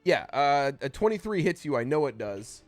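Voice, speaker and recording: A man running a tabletop game as game master, narrating combat and explaining rules in a casual, halting way full of restarts. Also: fairly high pitch, sing-song, soft background music.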